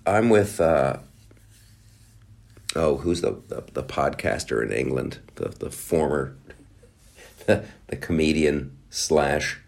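A man hosting a podcast, ranting in sarcastic, animated commentary with swearing and quick mock voices. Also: low-pitched. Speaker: podcast host.

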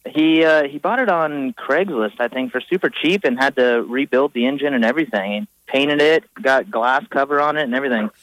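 Young guy calling the radio show, hesitant, lots of ums, mid pitch, dry. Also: a little fast, few pauses, a bit bright, no room sound, rough recording. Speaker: caller. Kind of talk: phone-in chat.

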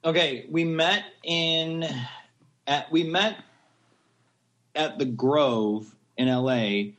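Excitable man telling a story. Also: a little high, extremely slow. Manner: excitable, laughs often, rambling asides. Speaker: podcast guest. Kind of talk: animated storytelling.

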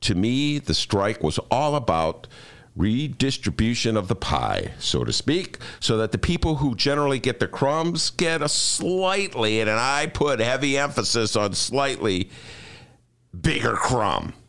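A man's voice: medium pitch, big pitch swings, a little slow, gravelly, fairly bright tone. An older man hosting a radio talk show, chatting casually in a joking, ranting way.

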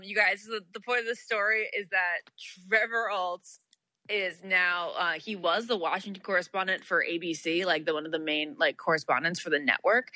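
A young adult woman co-hosting a podcast, telling stories in animated casual chat with frequent laughter. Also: fairly low pitch, dry recording. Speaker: podcast co-host.

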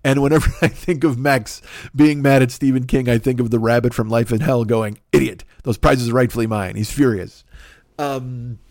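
A middle-aged podcast host speaks at normal speed in a steady, darkish mid-range voice while ranting comedically. He rambles, swears a lot, and jumps to exasperated outbursts, in a studio-quality recording free of room sound.

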